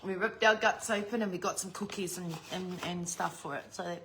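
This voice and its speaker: A woman's voice: lowish voice, fairly even intonation, normal speed, fairly bright tone, slight background noise. A middle-aged woman chatting casually as a vlogger, swearing freely and laughing often. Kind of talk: casual unboxing chat.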